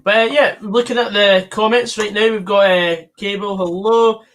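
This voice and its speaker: A man with a fairly high voice hosts a live football stream. He talks casually, leans on fillers and reads out comments from viewers as he goes. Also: steady tone, normal speed, a bit bright.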